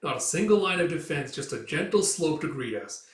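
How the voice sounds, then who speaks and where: A man's voice: a little high, lively intonation, brisk, close to an everyday voice. A man playing a smug mercenary captain. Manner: smug, amused drawl. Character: cocky male mercenary leader, sly and confident. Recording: roomy, distant mic.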